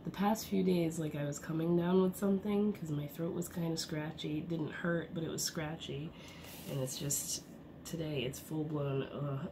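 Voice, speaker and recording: Stuffed up and sick, this thirty-something woman chats casually for her vlog at home, wandering from topic to topic with plenty of fillers and laughter. Her voice sits low, her intonation stays fairly even, and she speaks at a moderate pace over a noisy background.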